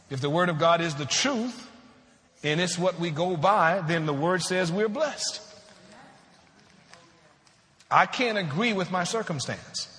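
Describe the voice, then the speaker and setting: A man preaching a sermon, asking the congregation questions and slowing down to draw out scripture verses. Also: sits high, a bit bright, long reverb tail. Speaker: pastor.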